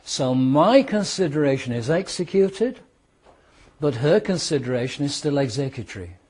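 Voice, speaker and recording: A British man teaching a law class to students, explaining with worked examples and repeating key points, sometimes speeding up and sometimes slowing down for emphasis. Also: on the high side, sing-song, darkish tone, slightly rough. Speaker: law lecturer. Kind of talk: classroom lecture.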